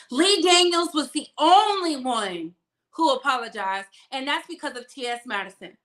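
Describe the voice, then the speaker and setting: A woman's voice: high voice, expressive, measured pace, bright, forceful tone. A young woman hosting a celebrity gossip channel, giving sassy, emphatic commentary and drawing out words for effect.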